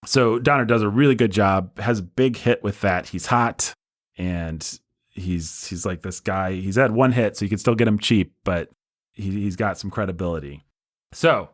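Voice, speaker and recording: A man's voice: fairly low pitch, dry recording, clean studio sound. A man hosting a podcast, telling film history as a casual, enthusiastic storyteller. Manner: enthusiastic storyteller, breezy and conversational. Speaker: podcast host.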